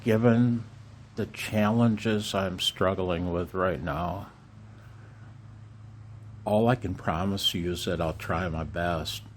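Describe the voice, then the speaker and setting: An older man in an earnest, halting personal vlog, emotional, with rueful laughs between his words. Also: deep voice, fairly even intonation, slight background noise. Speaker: amateur radio vlogger.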